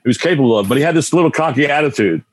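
A man's voice: mid-range voice, lively intonation, rapid-fire, dry recording. A man in his sixties, a guitar teacher and radio broadcaster, telling stories in a casual interview, rambling and often restarting his sentences.

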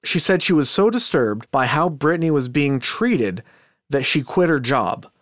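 A man's voice: a little high, expressive, unhurried, dry recording. Chatty skeptical man, dry close sound. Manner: chatty, skeptical, with asides and restarts. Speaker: podcast host. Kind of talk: casual commentary.

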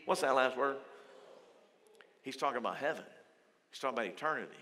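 A male pastor giving a lively, conversational sermon in a church auditorium, acting out quotes as he goes. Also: on the high side, fast, long pauses. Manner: lively, conversational preaching with frequent acted quotes. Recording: long hall reverb.

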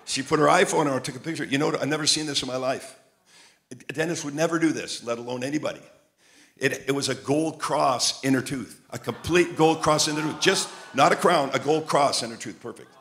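A man preaching a sermon, telling lively stories and repeating phrases like a chant. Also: on the high side, a little fast. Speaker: traveling preacher. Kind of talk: sermon with storytelling.

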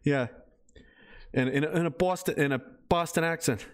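A man's voice: fairly high pitch, moderate pace, pauses often. A man chatting casually on a live stream, rambling, swearing freely and reading viewer messages aloud. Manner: rambling, profane, laughing, reads chat aloud.

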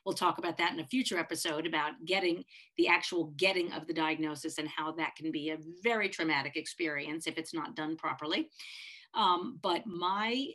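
Middle-aged woman on a podcast, kinda low voice, heartfelt, keeps restarting her sentences. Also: sharp tone. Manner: heartfelt, halting, with many restarts and repeated words. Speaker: podcast co-host, parent of a child with a disability. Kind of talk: candid podcast storytelling.

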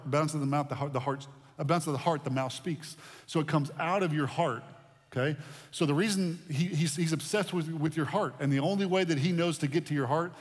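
Man preaching in a reverberant hall. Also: on the high side. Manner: conversational preaching with repetitions and restarts. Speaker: pastor. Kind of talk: sermon. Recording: long reverb of a large hall.

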